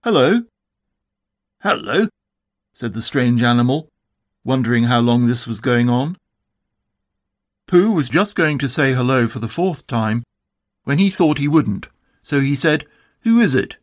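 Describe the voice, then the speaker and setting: Man reading a children's storybook. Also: mid-range voice. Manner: calm, measured, expressive. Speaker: narrator.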